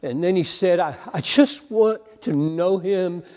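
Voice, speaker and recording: A man's voice: sits high, a little slow, darkish tone. A man preaching a sermon in an earnest, emphatic way, repeating phrases as he drives each point home. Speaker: pastor. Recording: long hall reverb.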